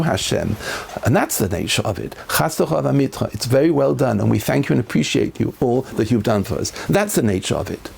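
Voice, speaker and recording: A man's voice: very animated, fast talker, creaky, a little mellow, breathy edge. A man, a rabbi, giving a Torah class in an earnest lecturing manner, his voice rising when he quotes verses. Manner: earnest, rises in pitch when quoting verses.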